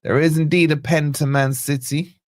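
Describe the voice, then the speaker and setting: A man hosting a live football watch-along, calling the play and greeting viewers by name in a chatty, excitable way. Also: a little high, normal speed, dry recording, clean studio sound. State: yawning, tired. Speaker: fan channel host.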